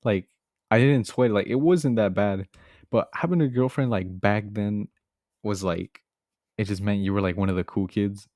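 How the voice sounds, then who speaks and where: A man's voice: on the low side, moderate pace, a little mellow, no room sound, studio quality. A young man telling a story from his childhood in a casual, rambling, slightly sheepish way, full of fillers. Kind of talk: casual animated storytime narration.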